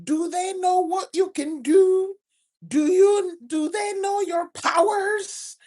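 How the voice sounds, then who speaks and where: A woman voicing an excited male friend who urges her on, repeating his questions insistently. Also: extremely high pitch, measured pace, voice pushed up. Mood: fervent.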